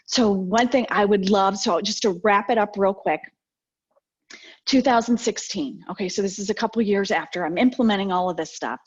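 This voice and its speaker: Husky-voiced woman giving a motivational talk. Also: medium pitch, moderate pace. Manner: lively storyteller, acts out quoted exchanges. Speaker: guest speaker. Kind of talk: motivational talk with personal stories. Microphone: video call. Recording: dull lo-fi video call audio.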